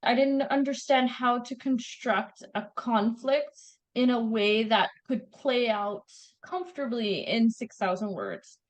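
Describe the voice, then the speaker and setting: A woman with a Canadian accent, chatting as a guest author in an interview, telling stories in an animated, laughing way. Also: on the high side, unhurried, few pauses, low-quality recording. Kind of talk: casual interview chat.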